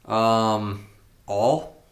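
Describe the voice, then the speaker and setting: A man with a lowish voice co-hosts a sports podcast in relaxed, rambling chat. He hesitates often, with plenty of ums as he thinks aloud. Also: extremely slow. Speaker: podcast co-host.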